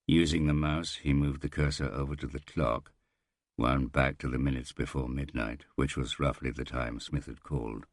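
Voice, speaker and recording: A man reading a thriller audiobook aloud in a measured, unhurried way. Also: rumbling low, fairly even intonation, no echo, studio quality. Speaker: audiobook narrator. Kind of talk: scripted thriller narration.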